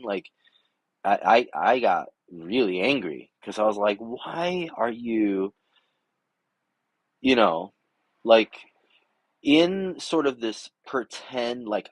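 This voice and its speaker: A man's voice: deep voice, no room sound. A middle-aged man telling a story in a casual, rambling way, exasperated, acting out both sides of an argument. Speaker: vlogger. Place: home garage workshop.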